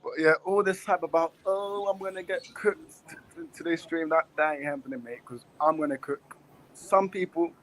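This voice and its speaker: A man's voice: a little high, moderate pace, fairly bright tone, rough recording. A man hosting a casual football chat, bantering and talking over the others. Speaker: host.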